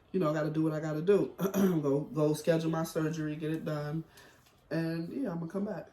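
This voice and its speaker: A man's voice: on the high side, dark tone. A middle-aged man telling a personal story in a rambling, chatty way at home, heavy on slang and fillers. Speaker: vlogger. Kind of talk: casual storytelling chat. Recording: roomy echo.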